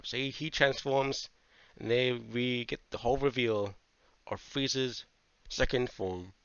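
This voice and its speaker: A man giving a casual manga review, animated, swearing freely and going off on tangents. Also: medium pitch, vocal fry, no echo. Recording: dull lo-fi dry mic.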